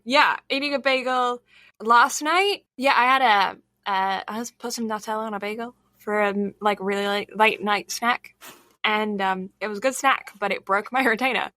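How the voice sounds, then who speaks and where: A woman's voice: medium pitch, sharp tone, no room sound. A woman co-hosting a casual podcast chat with a slight lisp, rambling and laughing often. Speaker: podcast co-host.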